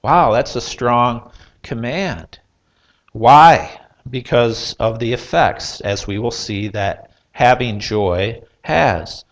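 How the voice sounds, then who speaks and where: A man preaching a sermon, earnest and measured, putting rhetorical questions to his listeners with pauses and the odd filler. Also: medium pitch, dull audio. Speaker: pastor.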